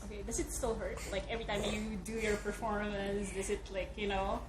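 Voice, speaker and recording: A woman's voice: mid-range voice, flat delivery, fairly quick. A woman hosting a casual interview, asking friendly, hesitant questions. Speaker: host. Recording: echoey room with background noise.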